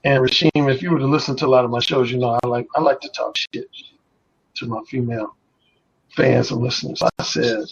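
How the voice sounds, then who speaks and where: A man's voice: mid-range voice, steady tone, brisk, gravelly, husky, muffled recording. A man who is a radio host, telling bold, explicit stories as a guest in a casual chat.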